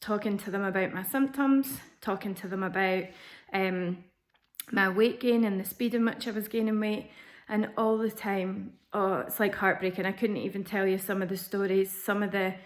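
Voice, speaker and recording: A woman's voice: mid-range voice, steady tone, normal speed. A woman vlogging, telling a personal story in a candid, chatty way with frequent ums and restarts. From Scotland.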